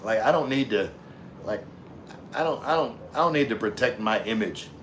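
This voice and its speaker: A man's voice: lowish voice, lively intonation, normal speed, slight background noise. A man hosting a casual live stream, reading viewer comments aloud in an easygoing way with frequent laughs. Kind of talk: casual livestream chat.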